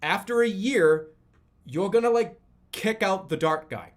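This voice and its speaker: A man in his thirties streaming live, chatting casually in a rambling, profane, animated way. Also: high voice, measured pace. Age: 30s.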